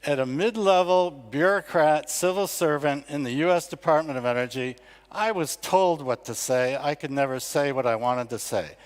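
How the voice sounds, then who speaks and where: A man's voice: on the high side, normal speed. An older American man giving a conversational, self-deprecating talk at an award ceremony. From United States. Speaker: award ceremony speaker, competition founder. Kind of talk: conference speech. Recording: long reverb of a large hall.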